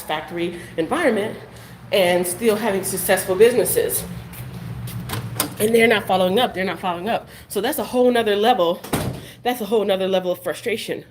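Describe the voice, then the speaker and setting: A woman's voice: medium pitch, a little hiss or hum. A woman talking casually to her vlog camera while walking around her neighborhood, rambling and repeating herself as she candidly criticizes herself. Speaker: vlogger. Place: outdoors on a neighborhood walk.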